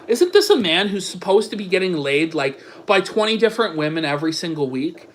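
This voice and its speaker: A man's voice: high voice, big pitch swings, a little fast, few pauses. A man hosting a commentary show, mocking read-out texts in a crude, sarcastic, profane way. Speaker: commentary channel host.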